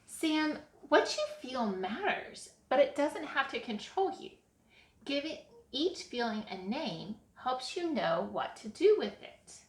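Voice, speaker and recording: A woman reading a storybook aloud, voicing a kind father who calmly and gently teaches his son. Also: high voice, slow pace, pitched above the performer's own voice, heavily acted. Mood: reassuring. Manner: calm, gently instructive. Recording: echoey room.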